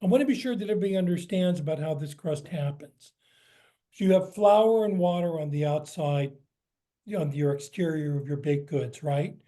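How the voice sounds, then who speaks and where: An American cookbook author, appearing as a guest speaker, fields audience questions at a lecture Q&A. His voice is a little high and mellow, his speed normal, and his answers are chatty and explanatory, with plenty of fillers.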